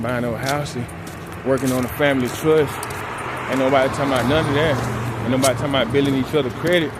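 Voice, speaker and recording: Man for a street vlog: calm, slangy, mid-pitched, walking outdoors at night, with traffic noise behind him. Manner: calm, laid-back, slangy. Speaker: vlogger. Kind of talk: casual motivational talk while walking. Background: traffic and outdoor ambience.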